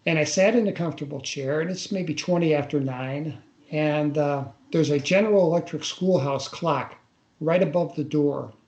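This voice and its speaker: An older man recounting a personal story in a radio interview, in a halting way that often repeats words as he recalls. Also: fairly high pitch, darkish tone. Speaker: interview guest. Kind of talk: casual first-person storytelling. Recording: roomy echo on a radio interview.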